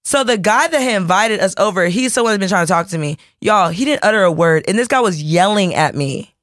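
A woman's voice: mid-range voice, brisk, dry recording, studio quality. A woman co-hosting a podcast, telling a long story in casual chat, calling listeners y'all and acting out what people said. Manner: animated, addresses listeners as y'all, acts out quotes. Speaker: podcast co-host.

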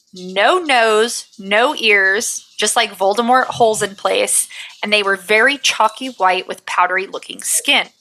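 Bright-voiced woman podcast host. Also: mid-range voice, low-quality recording. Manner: casual and profane, reads notes with jokey asides. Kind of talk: casual podcast chat, reading research notes.

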